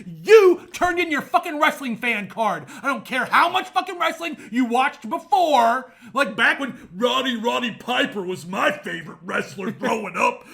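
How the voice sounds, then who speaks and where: A man co-hosting a podcast, ranting angrily with constant profanity and bursts of shouting. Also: very high-pitched, gravelly. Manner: angry, profane, shouting rants. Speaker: podcast co-host.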